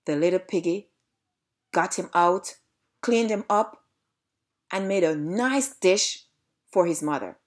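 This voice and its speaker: A woman's voice: on the low side, slow, pauses often. A woman with a Jamaican accent reading a storybook aloud. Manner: lively read-aloud narration.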